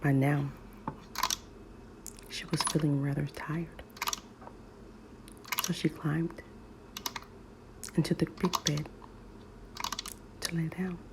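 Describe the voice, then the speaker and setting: A woman reading a children's story in soft ASMR whispers, over loud nail tapping clicks. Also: low-pitched, steady tone, background noise. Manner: soft, slow, soothing reading.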